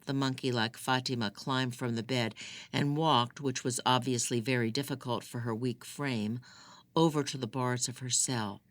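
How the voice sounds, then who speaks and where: An audiobook reader giving measured first-person narration of a thriller, close to the mic. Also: medium pitch, dry recording. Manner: measured, expressive in dialogue.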